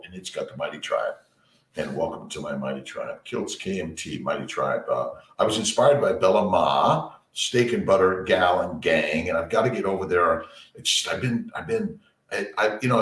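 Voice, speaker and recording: A man hosting a casual morning livestream from his home basement office, rambling and greeting viewers by name while keeping his voice low on a headset. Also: roomy sound, far from the mic. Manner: works to keep his voice low and quiet.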